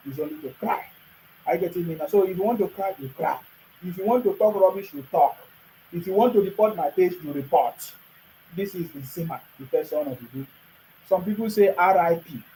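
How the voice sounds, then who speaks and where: A man's voice: high-pitched, a little mellow, a little hiss or hum, poor audio. Combative Nigerian man ranting. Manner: combative, ranting, addresses critics directly; repeats and restarts phrases for emphasis. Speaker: political commentator. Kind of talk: monologue to camera.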